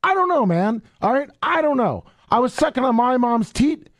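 High-voiced man ranting angrily. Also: sing-song, normal speed. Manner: aggravated, ranting, swearing; repeats filler words. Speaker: radio show co-host. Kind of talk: heated on-air rant.

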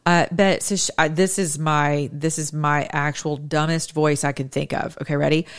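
A woman's voice: low voice, fairly even intonation, moderate pace, few pauses, clear, resonant tone. A woman hosting a casual commentary show, chatting and reacting sarcastically as she scrolls through news stories and laughs at her own jokes.

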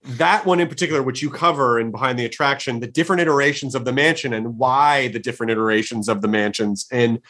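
A man's voice: medium pitch, fast, hardly any pauses, fairly bright tone. A man hosting a casual interview, talking with enthusiasm in rambling sentences that often restart mid-thought. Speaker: podcast host.

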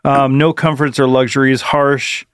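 A man's voice: mid-range voice, little pitch movement, unhurried, smooth, no echo, studio quality. A man co-hosting a casual comedy podcast, riffing wryly on stories. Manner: wry riffing, drops into silly accents. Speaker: podcast co-host.

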